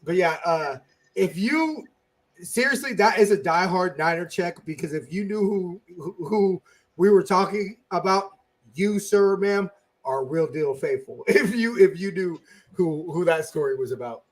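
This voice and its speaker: An excitable man hosting a casual fan podcast, his voice sitting a bit high for a man. He tells stories in a rambling, animated way, full of fillers and the odd curse. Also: measured pace. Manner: excitable storyteller, swears, lots of filler. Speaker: podcast host.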